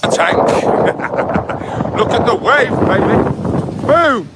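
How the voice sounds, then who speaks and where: A man's voice: high voice, slow, over loud music. A man vlogging on a windy seafront, calling out sing-song chants and silly put-on accents to his viewers. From England. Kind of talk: windy seaside vlog. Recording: loud wind noise on the mic.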